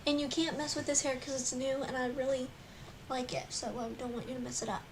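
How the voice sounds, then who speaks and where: Young woman, high voice, teasing, giggly, casual chat. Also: steady tone, brisk, far from the mic. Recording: faint background noise.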